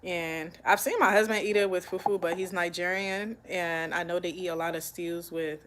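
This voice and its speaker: A woman's voice: lowish voice, fairly even intonation, moderate pace, fairly bright tone, a little hiss or hum, poor audio. A young woman from Liberia, chatting casually as she hosts a live cooking stream at home and answers viewer comments while she cooks. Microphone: phone.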